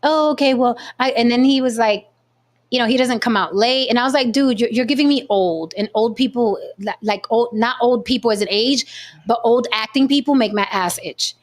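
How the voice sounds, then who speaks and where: A woman hosting a casual chat show, telling a story in a blunt, profane, animated way. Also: fairly high pitch, moderate pace. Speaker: podcast host.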